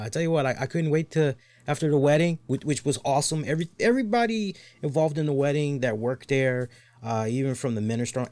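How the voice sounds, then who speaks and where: A man in his thirties hosting a show, telling a story in casual chat, swearing freely and acting out other people's lines. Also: no echo. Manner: animated, swears freely, acts out other people's lines with big pitch jumps. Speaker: podcast host.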